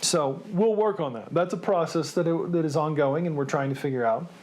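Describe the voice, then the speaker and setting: A man's voice: fairly high pitch, fairly quick, darkish tone. Rambling, self-deprecating man talking to camera. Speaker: host of a reading series. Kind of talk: casual talk to camera.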